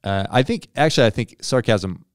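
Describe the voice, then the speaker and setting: This pastor co-hosts a church podcast, sounding casual and thoughtful, with fillers and self-deprecating jokes. His mid-range voice is brisk with lively intonation, recorded at studio quality with no room sound.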